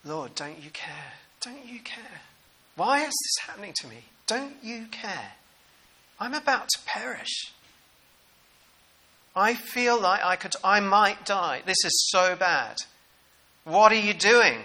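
A man's voice: sits high, expressive, slow pace, sharp tone, pitched above the performer's own voice, exaggerated voice. A man doing a frantic, pleading disciple. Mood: panicked. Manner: pleading, frantic, rising questions. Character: panicked male disciple in a storm.

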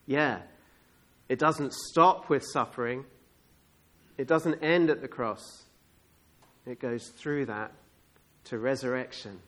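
Bright-voiced male preacher telling a story. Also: mid-range voice, takes it slowly, pauses often. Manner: conversational storytelling, acting out scenes. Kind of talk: sermon.

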